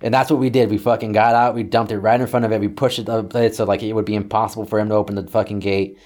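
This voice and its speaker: A young man telling a story casually, swearing a lot and acting out shouted quotes. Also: lowish voice, fast talker. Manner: profane, animated, acts out yelling quotes.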